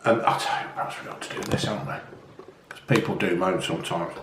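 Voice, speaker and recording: A man's voice: low-pitched, fast, fairly bright tone, slight background noise. A man, chatting casually to viewers and swearing freely as he makes food at home. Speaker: vlog host. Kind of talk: casual cooking vlog chat. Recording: echoey room.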